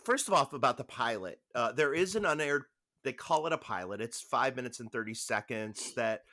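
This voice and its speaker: A man talks through a TV show with his co-hosts, bright and forward in tone. He rambles, repeats words and restarts his sentences. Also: mid-range voice, fairly quick. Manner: rambling, self-interrupting, animated. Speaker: podcast co-host. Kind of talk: casual chat.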